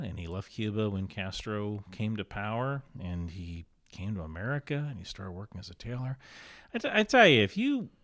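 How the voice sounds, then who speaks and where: A man with a stuffy nose, a podcast guest in casual conversation, telling animated anecdotes with big swings in his voice. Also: fairly low pitch, no echo.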